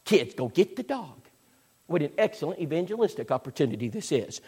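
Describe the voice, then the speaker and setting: A man, preaching a sermon as a folksy, animated storyteller. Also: on the high side, brisk, breathy edge. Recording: echoey hall with long reverb.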